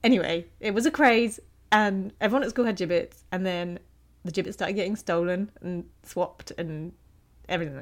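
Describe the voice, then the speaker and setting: A woman, co-hosting a podcast in casual chat, telling a long story with frequent laughter. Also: mid-range voice. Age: 40s. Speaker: podcast co-host.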